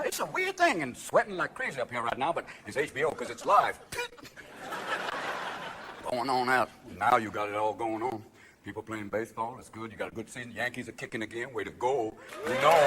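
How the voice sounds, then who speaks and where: A man doing live stand-up comedy with a manic delivery, jumping between bursts of shouting and asides. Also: mid-range voice, background noise. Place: live comedy stage with laughing audience. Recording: live show audio with crowd laughter.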